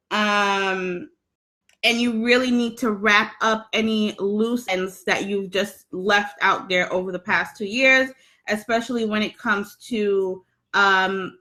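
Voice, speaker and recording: A woman's voice: mid-range voice, bright, forceful tone. A young woman hosting an astrology livestream, chatting casually and reading viewer comments with lots of ums. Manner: chatty, laughs often, frequent ums. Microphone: phone.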